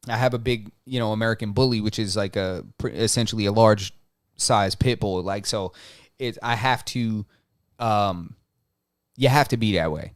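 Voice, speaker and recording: A man's voice: fairly low pitch, normal speed, no room sound. Opinionated man on a dry mic. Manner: opinionated, loose, with many restarts. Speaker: podcast co-host. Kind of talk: casual chat.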